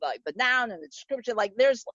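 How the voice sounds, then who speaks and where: A woman's voice: a little high, animated, brisk, fairly bright tone, no echo. Rambling woman podcast host, muffled dry audio. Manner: rambling, heavy on filler words. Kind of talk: casual chat.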